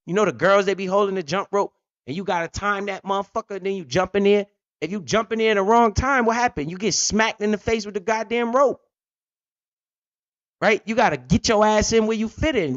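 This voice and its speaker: A man in a blunt, swearing, joking rant about markets, his voice sitting a bit high for a man. The sound is dull and lo-fi, with a close, dry feel and no room around it. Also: brisk, a bit bright, no echo. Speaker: crypto channel host. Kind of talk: unscripted market commentary.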